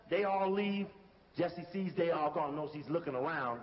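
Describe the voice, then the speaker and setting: A man with a high, lifted voice talks through video footage in a casual, emphatic way, calling out cues to stop and rewind as he goes. His voice comes through a dull recording with a long, roomy reverb, and a faint hiss sits underneath. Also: moderate pace. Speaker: video commentator.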